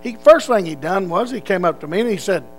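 A man's voice: high-pitched, animated, fast talker, faint music behind. An older man telling a rambling story in plain, colloquial speech. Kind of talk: casual spoken recollection.

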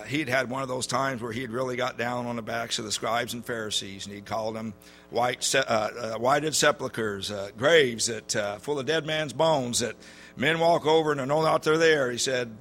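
A man preaching a sermon in a church, telling stories in a folksy way with many halting fillers. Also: medium pitch, a bit bright, soft background music.

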